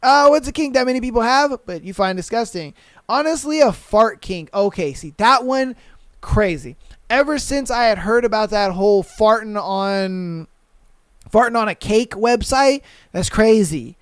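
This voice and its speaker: A young man hosting a podcast, reading listener answers aloud and reacting with loose, profane slang and sudden loud outbursts. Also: sits high, lively intonation, normal speed, clear, resonant tone, dry recording. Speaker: podcast host.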